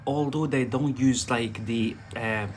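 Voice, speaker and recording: A man teaching English in a live lesson, talking very slowly at an average pitch. He explains step by step, hesitates often with fillers and restarts, and keeps checking with a quick "yeah?". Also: slight background noise. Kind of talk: live online vocabulary lesson.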